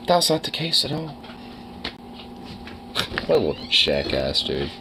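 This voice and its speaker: A man's voice: mid-range voice, unhurried, long pauses, background noise. Profane, rambling young male streamer. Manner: profane, rambling, easily excited. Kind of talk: casual livestream chat.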